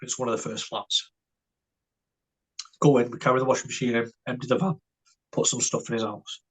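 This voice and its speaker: A man's voice: mid-range voice, flat delivery, fairly quick, slightly rough. A man, a podcast guest telling a story in a casual way. He stammers and restarts often and keeps tagging his lines with "right?" and "mate".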